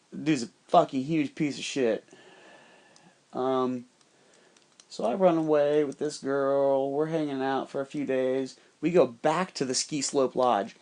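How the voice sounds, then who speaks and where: A man telling a personal story in a casual, rambling monologue, swearing constantly and acting out the voices of other people. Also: medium pitch. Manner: profane, rambling, animated quoting of others. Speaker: podcast storyteller.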